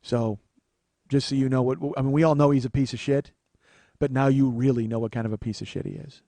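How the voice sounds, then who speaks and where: A man in his forties tells a long comic story as a podcast host. His speech is rambling and profane, with sudden rants. His pitch sits mid-range and the recording is dry and close. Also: steady tone, fairly quick, dark tone, no room sound. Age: 40s. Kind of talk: storytelling monologue.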